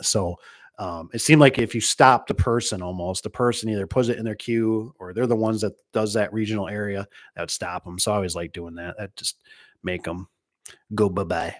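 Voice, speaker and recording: A man's voice: fairly low pitch, steady tone, moderate pace. Rambling man telling shop stories. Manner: rambling, storytelling with acted-out quotes. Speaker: garage door business owner. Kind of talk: casual chat.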